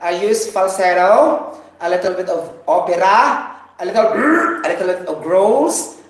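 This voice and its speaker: Woman vocal coach, casual and unhurried, often checking in with the listener; booming room echo. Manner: chatty, keeps checking in with okay. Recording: very echoey room, faint music.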